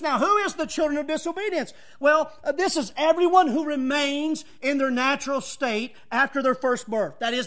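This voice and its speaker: A pastor preaching a sermon to his congregation, moving from chatty asides with chuckles to emphatic, near-shouted readings of scripture. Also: extremely high pitch. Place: church.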